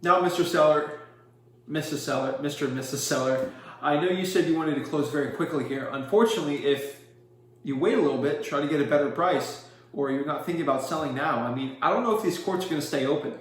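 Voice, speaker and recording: A man coaching on real estate wholesaling, direct and salesy, acting out his rehearsed pitch lines. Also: fast talker. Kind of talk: instructional talk with sample sales pitches. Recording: very echoey room.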